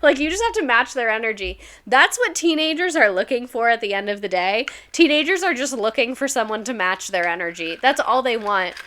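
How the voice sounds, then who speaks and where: A woman's voice: fairly high pitch, lively intonation, fairly quick, few pauses, pushed and bright. A young woman, a former teacher, chatting casually on a livestream, reading stories aloud, laughing often and swearing freely.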